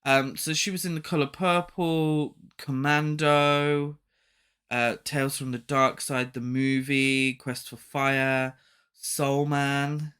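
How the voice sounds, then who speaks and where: A man's voice: medium pitch, takes it slowly, clear, resonant tone. A man co-hosting a horror film podcast, chatting casually and laughing easily while discussing cast members. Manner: relaxed, laughs often. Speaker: podcast co-host. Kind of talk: casual film review chat.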